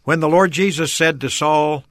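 A man's voice: fairly high pitch, normal speed, a bit bright, no room sound, studio quality. A man explaining a Bible passage in a discussion, earnestly repeating key phrases for emphasis. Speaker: Bible teacher guest.

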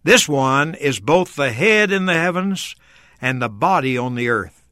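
A man's voice: a little high, animated, measured pace, bright, forceful tone, no echo, clean studio sound. A man explaining a Bible passage in a discussion, earnestly repeating key phrases for emphasis. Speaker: Bible teacher guest.

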